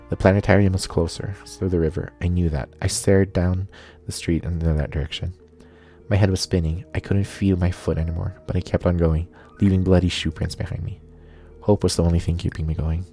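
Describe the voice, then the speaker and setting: Deep gravelly man reading a game aloud. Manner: steady narration, cursing asides. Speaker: streamer. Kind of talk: reading a visual novel aloud.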